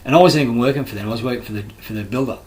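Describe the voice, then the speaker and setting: An Australian construction worker airs his views in a rambling, heated, profane monologue, restarting often. His mid-range voice races along, and the recording quality is poor.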